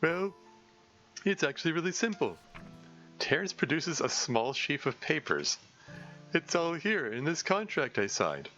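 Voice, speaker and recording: Soft-hearted monster guard, meek and apologetic, higher bright voice, as a man puts him on; dull stream audio. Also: very animated, measured pace, long pauses, faint music behind, full character voice. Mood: earnest. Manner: meek, pleading, over-apologetic. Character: timid apologetic monster cave guard, gentle male.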